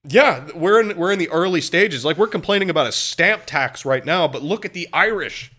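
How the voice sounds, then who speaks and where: A man casually telling a history story as a podcast co-host, animated and profane, slipping into voices for quotes. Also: a little high, moderate pace.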